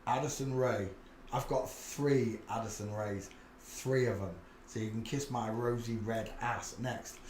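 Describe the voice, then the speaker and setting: Yorkshire man, casual muttered commentary, medium pitch, roomy echo. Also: a little slow, darkish tone, slight background noise. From England. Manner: muttered running commentary, thinking aloud. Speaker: channel host. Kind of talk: casual commentary while browsing images.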